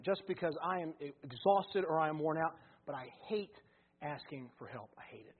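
A man preaching a sermon as pastor, moving from loud fervent stretches to quiet, intimate asides. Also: a little high, animated, normal speed, husky. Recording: phone-like narrow band.

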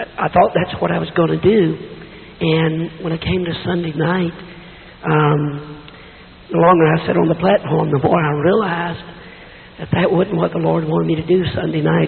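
A middle-aged man preaching a sermon in a church with a hoarse, weak voice, telling folksy stories with self-deprecating asides. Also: fairly high pitch. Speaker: visiting preacher. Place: church sanctuary. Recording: tinny echoey church recording with hiss.

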